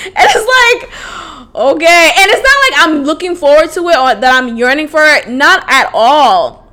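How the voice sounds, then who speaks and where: A woman hosting a solo podcast, telling a personal story in a casual, animated way that swings into loud, exasperated outbursts. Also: high voice, measured pace. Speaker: podcast host.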